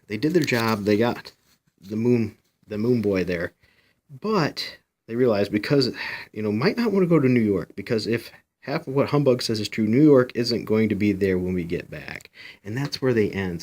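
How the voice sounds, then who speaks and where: A man's voice: on the low side, a little mellow. A man casually reviewing a comic book, rambling a little and asking viewers questions. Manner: chatty, rambling, frequent "you know"; asks viewers questions directly.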